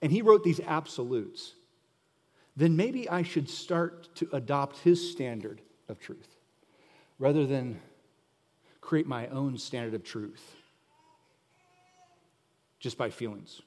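A man's voice: mid-range voice, slow, long pauses, darkish tone. A middle-aged man preaching a sermon as pastor, emphatic and asking the listeners pointed questions. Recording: long hall reverb.

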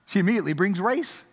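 A man's voice: sits high, in a large hall. A man pastor preaching a sermon in a church, earnest and emphatic, asking the congregation rhetorical questions.

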